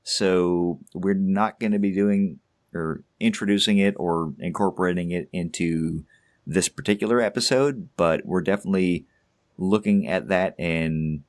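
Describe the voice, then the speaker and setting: Very deep-voiced rambling podcast man. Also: measured pace. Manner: rambling, stammering restarts, chuckles to himself. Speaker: podcast co-host. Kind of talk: casual podcast chat.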